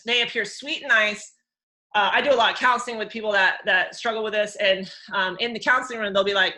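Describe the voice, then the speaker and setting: A middle-aged woman works as a counselor hosting a live workshop, talking in a chatty, animated way and slipping into high, mimicking voices. She speaks quickly, and the audio quality is poor.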